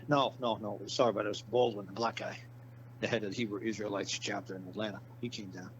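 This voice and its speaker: Animated profane male storyteller, muffled. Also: lowish voice, quick pace, slight background noise. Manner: animated, profane, acts out the people in his story. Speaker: guest. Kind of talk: casual storytelling.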